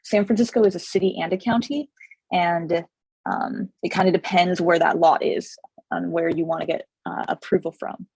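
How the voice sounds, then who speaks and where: Hoarse, chatty woman realtor. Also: fairly low pitch, steady tone, normal speed, a little mellow, no echo, rough recording. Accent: Californian English. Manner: chatty, rambling with many fillers and restarts. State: slightly hoarse, losing her voice. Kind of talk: casual explainer video.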